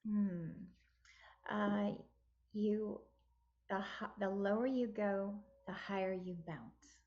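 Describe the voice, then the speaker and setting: A woman's voice: medium pitch, steady tone, slow, lo-fi sound. A woman around sixty, a podcast guest speaking emphatically and upbeat in a motivational tone. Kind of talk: casual interview chat.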